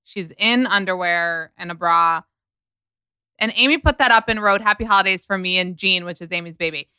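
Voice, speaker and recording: A woman hosting a podcast in casual chat, talking in a chatty, emphatic way with quick asides. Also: on the low side, sharp tone, clear, resonant tone, no echo. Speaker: podcast host.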